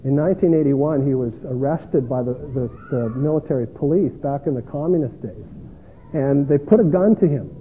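A man's voice: medium pitch, normal speed, slight background noise. A man preaching a sermon as a pastor, earnest and self-deprecating, often restarting his words. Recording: tinny lo-fi sound in a long-echoing hall.

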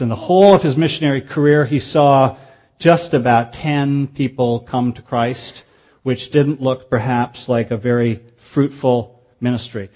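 A man preaching a sermon in an earnest, measured way, slowing down for emphasis. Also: mid-range voice, muffled recording.

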